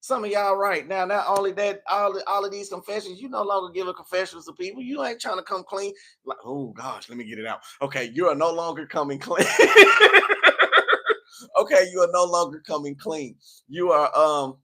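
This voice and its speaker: Brisk and a bit bright, this high-sitting male voice belongs to a Tennessee tarot reader with a Southern accent. He chats live through a reading, playfully preaching at and scolding his audience.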